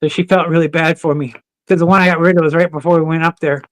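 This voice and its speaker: As a podcast guest, this man talks fast in a voice on the high side, with no room sound in the recording. His casual anecdotes are lively, full of swearing and laughter.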